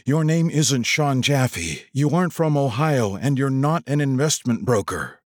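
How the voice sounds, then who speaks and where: A man's voice: medium pitch, expressive, measured pace, no room sound, clean studio sound, voice pushed up. A man doing a frantic, paranoid stranger. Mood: urgent. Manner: urgent, hushed, strained.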